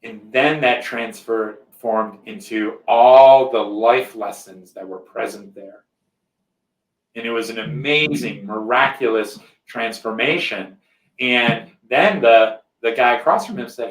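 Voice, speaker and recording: The recording, made from a distance, carries a roomy echo as a male podcast host slowly recounts something personal in casual talk. His pitch sits in the mid-range, and he rambles somewhat, often tossing in "right?" to check in.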